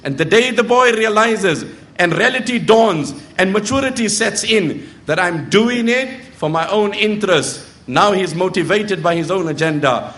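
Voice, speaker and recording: A middle-aged male preacher with a noticeably high voice delivers a sermon. He tells stories and acts out the people in them, now and then reciting verses in Arabic. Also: animated, moderate pace, a bit bright.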